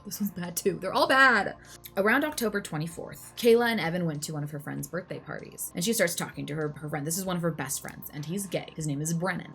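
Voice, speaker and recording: A young woman with a low-pitched voice retells a true crime case in a loose, conversational way, sprinkling in "like" and "you know." Faint guitar music plays behind her. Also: creaky. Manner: chatty, frequent "like" and "you know" asides. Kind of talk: casual true crime storytelling.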